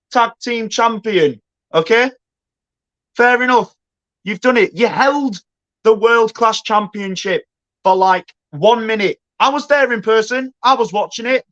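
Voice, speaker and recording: A man's voice: high-pitched, a bit bright. A man, a pro wrestler answering a rival in a confrontational, sarcastic promo. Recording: dull lo-fi recording.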